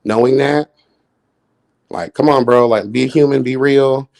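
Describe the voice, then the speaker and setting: A man streaming live and talking straight to his chat in a mid-range voice. He is sassy and flamboyant, swears freely and keeps leaping up into high, showy exclamations. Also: measured pace, a little mellow. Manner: chats with viewers in chat. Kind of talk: casual live-stream commentary.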